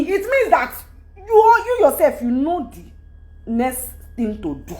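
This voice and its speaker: A middle-aged Nigerian woman talking to her fans unscripted, blunt and scolding, rambling with sudden loud outbursts. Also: high voice, very animated, slow. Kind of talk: unscripted talk to camera.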